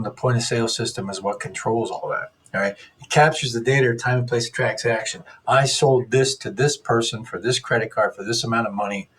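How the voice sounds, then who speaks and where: Rambling middle-aged male instructor. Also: mid-range voice. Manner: rambling, self-correcting, with dry sarcastic asides. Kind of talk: unscripted classroom lecture.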